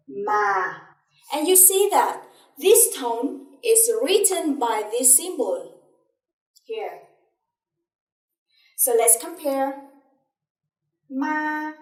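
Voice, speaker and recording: A woman teacher with a Vietnamese accent, slowly explaining and demonstrating tones syllable by syllable. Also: high-pitched, darkish tone. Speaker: language teacher. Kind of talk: slow, deliberate language lesson. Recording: echoey room, a bit far from mic.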